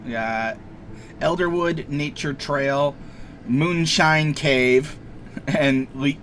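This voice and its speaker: A young man with a somewhat raised pitch chats loosely over gameplay, rambling off on tangents and cracking crude jokes. He swears freely and keeps a loose commentary going, with a faint hiss under his voice. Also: takes it slowly, a bit bright. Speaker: let's play streamer.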